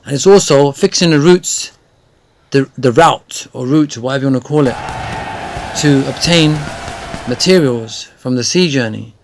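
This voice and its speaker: A man giving chatty, rambling gameplay tutorial commentary that often turns excited. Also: medium pitch, normal speed, pauses often, background noise. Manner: chatty, rambling with many fillers, grows excited. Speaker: gaming video creator.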